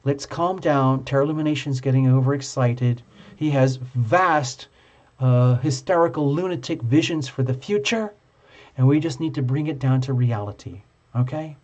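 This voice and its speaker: A man voicing a calm soothing woman. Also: mid-range voice, moderate pace, natural voice. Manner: soothing, down-to-earth. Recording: dull lo-fi stream audio.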